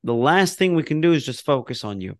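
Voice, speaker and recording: A man's voice: on the high side, big pitch swings, a little fast, dry recording, studio quality. A man teaching a casual lesson on a prayer book, reading passages aloud and explaining them with laughs and asides.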